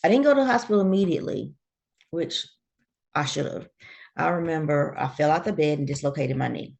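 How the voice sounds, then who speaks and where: A woman's voice: sits low, a little fast, creaky. A woman, a guest telling her own story in a casual interview and acting out the voices of the people in it. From Georgia, USA. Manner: animated storyteller who acts out quoted voices.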